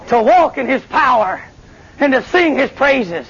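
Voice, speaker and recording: Male preacher, high pitch, lively revival delivery, dull lo-fi recording. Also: moderate pace, creaky. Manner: animated, calls to the congregation, Southern. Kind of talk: revival sermon with testimony.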